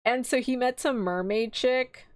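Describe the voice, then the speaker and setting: A young woman streamer casually retelling an anime plot, rambling and animated, briefly jumping into quoted voices and swearing now and then. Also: a little high, a little slow, no echo.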